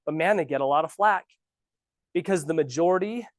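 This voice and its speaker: Give me an animated, sarcastic man coaching new agents in a dry room. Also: on the high side, brisk, no room sound. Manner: animated, ranting, sarcastic asides. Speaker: real estate trainer. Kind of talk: casual training talk. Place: office training room.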